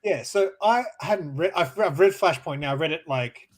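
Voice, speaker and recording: A man telling stories in casual chat, enthusiastic and quick to laugh. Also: fairly high pitch.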